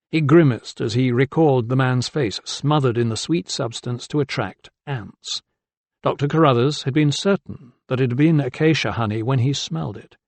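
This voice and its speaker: A man narrating an audiobook with steady, deliberate storytelling. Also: mid-range voice, no echo. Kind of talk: scripted narration.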